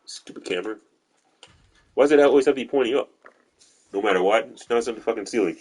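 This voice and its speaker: A man's voice: mid-range voice, fast talker, darkish tone, slightly rough. A man streaming a video game live, giving profane, rambling commentary as he plays.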